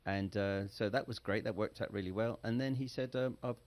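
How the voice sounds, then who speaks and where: Lower-pitched English man telling stories. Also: fairly quick. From England. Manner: rambling, self-correcting telling of a story. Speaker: guest, tribute singer of a famous crooner. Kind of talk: anecdotal interview storytelling.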